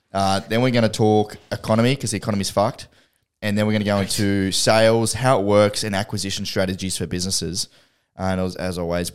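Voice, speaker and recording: A man co-hosting a podcast in casual chat, swearing freely and talking in a laid-back way. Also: lowish voice. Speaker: podcast co-host. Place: studio.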